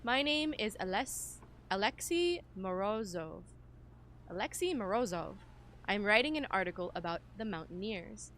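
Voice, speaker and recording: A woman's voice: mid-range voice, animated, moderate pace, fairly bright tone, a little hiss or hum, lightly acted. A woman reading as an earnest young journalist man. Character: determined young male journalist investigator. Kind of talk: reading game dialogue aloud.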